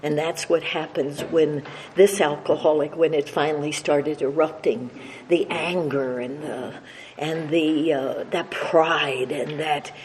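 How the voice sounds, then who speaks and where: In a reverberant meeting hall with faint noise and a laughing audience, an older woman tells a recovery group a humorous story from her life. Her low-pitched voice is animated and slow, marked by a slight stutter and frequent restarts.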